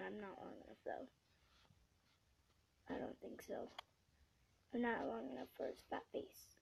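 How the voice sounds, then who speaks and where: A woman giving gameplay commentary, excitable, swinging from hushed whispers to sudden shrieks. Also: on the high side, moderate pace, gravelly, pauses often, breathy edge, phone-quality sound. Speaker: gamer.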